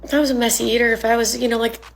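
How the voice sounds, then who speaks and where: A woman's voice: fairly high pitch, level tone, racing, vocal fry, over music. A woman telling a personal story in a chatty way, full of fillers and acted quotes. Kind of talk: storytime video.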